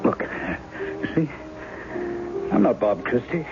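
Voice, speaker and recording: A man's voice: mid-range voice, lively intonation, slow pace. An actor playing a charming, wry male novelist in his forties who poses as a woman's lost husband, in 1970s radio drama style. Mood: distressed. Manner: teasing, easy charm. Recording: muffled old radio broadcast with music.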